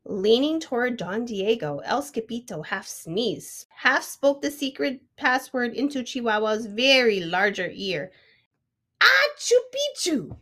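A woman reads a children's storybook aloud at an unhurried pace. Her voice sits fairly high and stays expressive, and she stops now and then to ask the listening child a question.

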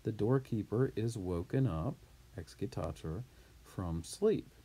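Slow, lively Latin teacher, man. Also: slightly rough. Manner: slow, reads a line then translates and explains, voice jumps high for quoted shouts. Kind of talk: reading aloud and explaining a textbook.

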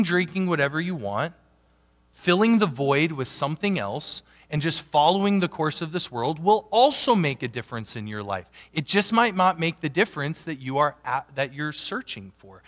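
A man preaching a sermon as a pastor, animated, swinging from loud emphatic peaks down to quiet asides. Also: on the high side. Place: church sanctuary. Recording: long church hall reverb.

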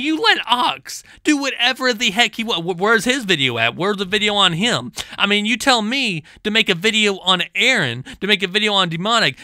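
A man's voice: high-pitched, bright, forceful tone, smooth, dry recording, studio quality. A man hosting a commentary vlog, ranting in an exasperated, sarcastic way with lots of stammering restarts. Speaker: channel host.

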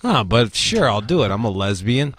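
A man hosting a casual talk show, telling stories in a profane, animated way. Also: fairly low pitch, normal speed, slightly rough. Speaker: show host. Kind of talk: casual podcast chat.

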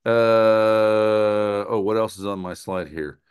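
A man's voice: fairly low pitch, slow pace, clean tone. A man presenting a writing workshop in a conversational lecture style, often checking in with his listeners. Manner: animated, often checks in with "right?" and "okay?".

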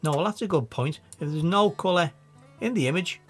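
A man with a Scouse accent giving a casual, chatty software tutorial, thinking aloud as he works. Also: a little high, lively intonation, fairly quick, faint music behind. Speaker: video editing tutor.

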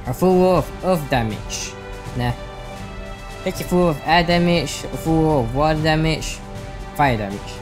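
A man hosts a let's play, reading story text and commenting casually on his choices. He hesitates often and fills pauses with ums. Faint music plays under his voice. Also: a little high.

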